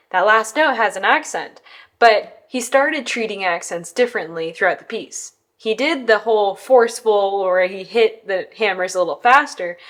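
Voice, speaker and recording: A woman's voice: medium pitch, fairly bright tone. A woman piano teacher explaining how she listens to a pianist, breaking down dynamics, articulation and tempo in an analytical way. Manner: analytical, hums and scats musical phrases.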